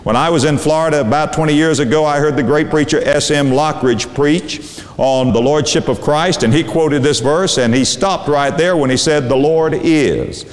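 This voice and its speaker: A middle-aged man, a pastor, preaching a sermon with emphatic, preacherly delivery and dramatic slowdowns on key words. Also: on the high side. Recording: long hall reverb.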